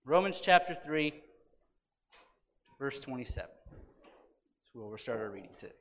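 A man's voice: mid-range voice, lively intonation, measured pace, fairly bright tone, long reverb tail, a little hiss or hum. A man teaching a Sunday school Bible lesson, reading scripture emphatically and asking rhetorical questions.

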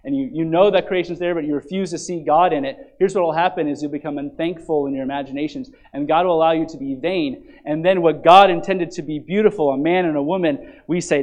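A pastor in full sermon mode, his fairly high voice sinking to near-whispered asides before climbing into loud, driving emphasis. He talks to the congregation directly, tossing in quick "right?" and "you see?" checks. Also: fairly even intonation, low-quality recording. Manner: swings from soft and low to loud and emphatic preaching.

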